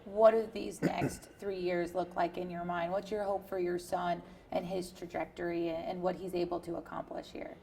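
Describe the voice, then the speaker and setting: A woman's voice: lowish voice, little pitch movement, normal speed, creaky, hardly any pauses, mellow, a little hiss or hum. A woman interviewing a guest for a sports segment, asking long, friendly questions.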